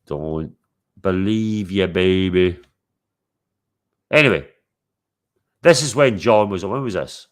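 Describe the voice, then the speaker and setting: A man's voice: deep voice, lively intonation, takes it slowly, pauses often. A man hosting a livestream, chatting casually to his chat, teasing and swearing freely. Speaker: livestream host.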